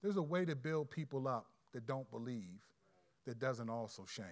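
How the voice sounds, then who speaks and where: A man preaching a sermon in a conversational, animated way with quick asides. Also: medium pitch. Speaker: pastor.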